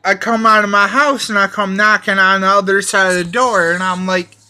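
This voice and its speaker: A man's voice: high voice, steady tone, moderate pace, bright, forceful tone, clear, resonant tone. A man ranting in a rambling, profane monologue, repeating his phrases and restarting them often. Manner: repetitive, restarts phrases, swears heavily.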